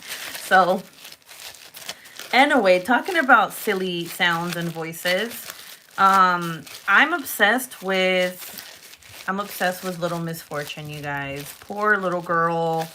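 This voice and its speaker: A young woman hosting a polymer clay livestream chats casually with her viewers as she crafts, giggling often. Her voice is lowish, slow, bright, and forceful, with slight background noise behind it.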